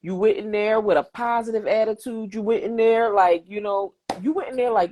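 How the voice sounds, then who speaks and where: A woman's voice: medium pitch, brisk, few pauses, background noise. A woman hosting a podcast, talking in an encouraging conversational way and repeating phrases for emphasis. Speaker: podcast host.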